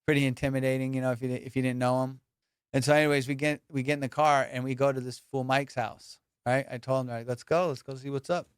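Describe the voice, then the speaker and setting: A male comedian hosting a podcast, telling high school stories in a slangy, animated way and acting out the people in them. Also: fast, smooth, no echo, studio quality. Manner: slangy, animated, acts out quoted voices. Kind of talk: casual storytelling.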